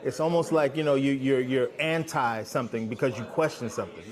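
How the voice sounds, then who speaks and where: A man's voice: mid-range voice, fairly quick, crowd noise. A man speaking as a panel guest in a roundtable discussion, hesitant and restarting often.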